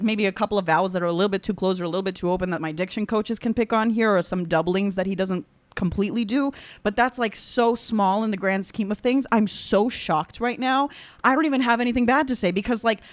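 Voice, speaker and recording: A young adult woman, an opera singer and vocal coach, reacting to a performance in casual commentary, excitable and full of exclamations while she breaks down vocal technique. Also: on the high side, no room sound.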